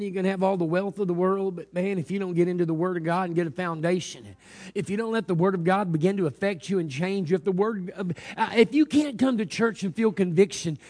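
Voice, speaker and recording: A man's voice: high voice, a little mellow. A man preaching a sermon, telling stories and building to fervent exhortation, with many repeated hallelujahs.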